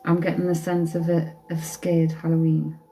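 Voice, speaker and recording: A woman's voice: deep voice, completely flat delivery, normal speed, warm tone, slight background noise, poor audio. A woman giving a casual live-stream tarot reading as a psychic medium, chatty and blunt, swearing casually.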